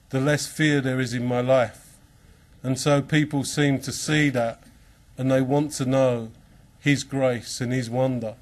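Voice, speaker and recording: A man from England addresses a conference crowd. He tells a story about a farmer and two priests, then moves into earnest, preaching-style encouragement. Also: medium pitch. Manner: storytelling with quoted voices. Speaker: Christian speaker. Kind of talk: conference talk.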